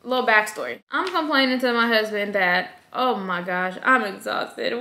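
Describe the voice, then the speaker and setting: A woman in her thirties giving self-care advice to moms in a lively, conversational vlog. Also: fairly high pitch, normal speed, few pauses. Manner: lively and conversational, acts out quoted voices. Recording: echoey room.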